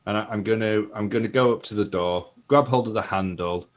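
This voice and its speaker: A man's voice: on the low side, fairly quick. A man playing a tabletop game, talking casually and hesitantly and repeating himself. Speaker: player.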